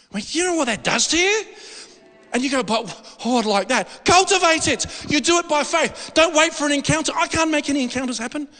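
A man preaching a sermon in a church hall, animated and jokey, asking the congregation questions. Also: very high-pitched. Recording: long hall reverb.

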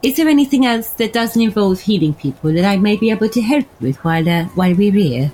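A woman's voice: mid-range voice, expressive, quick pace, warm tone, slight background noise, rough recording. A woman playing her character in a tabletop game, talking politely and hesitantly with frequent restarts. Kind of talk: in-character tabletop role-play.

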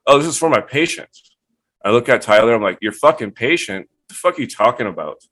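A man telling stories as a guest on a live online show, swearing freely and acting out what others said. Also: on the low side. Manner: profane, animated, acts out quotes. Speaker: guest cannabis breeder. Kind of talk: casual storytelling.

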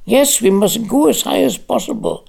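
A reader voicing an excitable, giddy old man who rambles eagerly, as an audiobook character. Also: mid-range voice, normal speed, gravelly, slightly rough, pitched above the performer's own voice, full character voice. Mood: excited. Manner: eager, chatty, a bit childlike.

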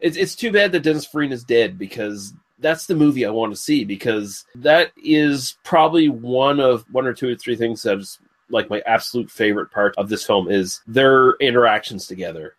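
A man's voice: medium pitch, lively intonation, normal speed, few pauses. A man co-hosting a casual podcast, joking and laughing often as he talks. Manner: laughing, slips into silly put-on voices. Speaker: podcast co-host.

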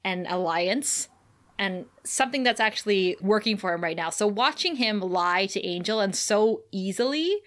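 A woman's voice: mid-range voice, normal speed. Lady podcaster gushing over a tv episode, laughs a lot, swears here and there. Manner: animated, laughs often, acts out quotes; swears casually. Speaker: podcast co-host recapping a TV episode. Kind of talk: casual chat.

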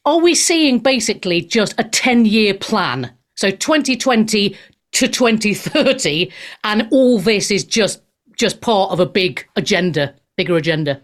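A woman's voice: medium pitch, lively intonation, unhurried. Brief: conversational female talk show host with casual, rambling questions. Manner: chatty, loosely phrased questions. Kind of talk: casual interview chat.

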